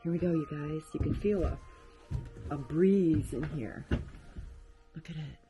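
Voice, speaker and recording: A woman vlogger narrating as she explores an abandoned farmhouse attic, chatty and exclaiming at creaking floors, recorded on a handheld camera. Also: low voice, measured pace, over music.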